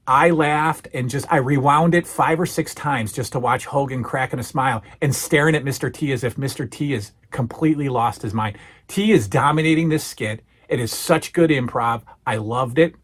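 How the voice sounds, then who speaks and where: A man's voice: medium pitch, breathy edge. A man hosting a podcast, retelling a show in an enthusiastic, casual review and often restarting his words. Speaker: podcast host.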